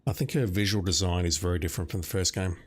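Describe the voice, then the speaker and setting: A man streaming a game, commenting and reading in-game notes aloud in a playful way, a bit hoarse. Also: deep voice, fast talker. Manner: animated, reads notes in playful mock voices. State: losing his voice.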